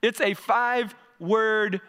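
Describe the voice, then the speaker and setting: A man's voice: sits high, fairly even intonation, takes it slowly, sharp tone, smooth. A middle-aged man preaching a sermon as pastor in a church, talking in a conversational way and often repeating words as he builds a point. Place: church sanctuary. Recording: long reverb of a church hall.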